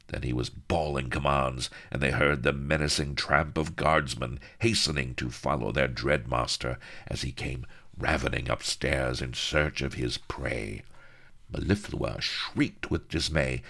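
A man's voice: rumbling low, measured pace, creaky, fairly bright tone. A man narrating a comic adventure story in a mock-grand, playful way. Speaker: audiobook narrator.

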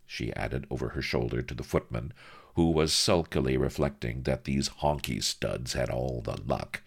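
A man narrating a story aloud in a wry, lively storytelling manner. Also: rumbling low, measured pace, creaky, slightly rough. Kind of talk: dramatic audiobook reading.

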